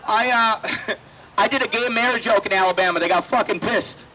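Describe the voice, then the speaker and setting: Man, stand-up comedian, brash and profane, high voice, faint background noise. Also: fairly quick, bright, forceful tone, rough recording. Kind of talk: stand-up set. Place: outdoor festival stage.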